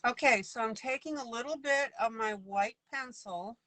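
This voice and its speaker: A woman's voice: fairly high pitch, moderate pace, fairly bright tone, no room sound, poor audio. A woman leading a casual live coloring lesson, chatty and playful, laughing often as she works. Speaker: online coloring teacher.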